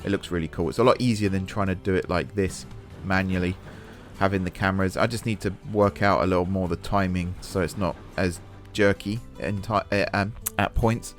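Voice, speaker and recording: A man's voice: low-pitched, steady tone, brisk, soft background music. Chatty man narrating a building game. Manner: chatty, thinking aloud while building; self-deprecating about mistakes. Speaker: gaming channel host. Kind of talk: casual let's-play commentary.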